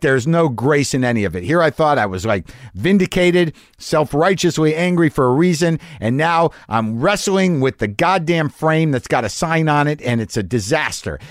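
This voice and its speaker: A man's voice: a little high, no room sound, clean studio sound. A middle-aged man telling a long story in a casual monologue, ranting and swearing, mocking himself and acting out what people said. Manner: profane, ranting, self-deprecating, acts out quotes.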